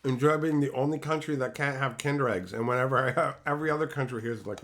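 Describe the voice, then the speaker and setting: Talking quickly with hardly any pauses, a man livestreams in a mid-range, fairly bright voice, with a slight hiss or hum in the audio. His casual chat is crude, profane joking as he riffs on messages from viewers.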